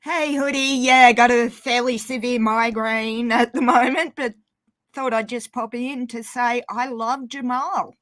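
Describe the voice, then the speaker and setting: A woman calls in to a livestream and chats casually. Her voice is slightly high, she hesitates often with fillers, and the sound is dry. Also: fairly even intonation, a little slow, fairly bright tone, dry recording. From Australia. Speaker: caller on a livestream. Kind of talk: casual chat.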